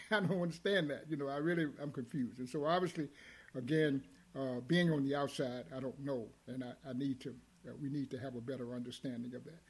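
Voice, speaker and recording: Husky-voiced man hosting a talk show. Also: medium pitch, brisk. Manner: hesitant, many fillers and restarts. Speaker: host. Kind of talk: hosting a discussion program.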